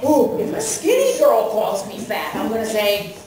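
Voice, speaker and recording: A woman's voice: on the high side, big pitch swings, normal speed. A woman doing a stand-up comedy set, with a brash, punchy delivery, acting out her comebacks in a raised voice. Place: comedy club stage. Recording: distant, echoey live club recording with loud crowd and noise. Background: audience laughter.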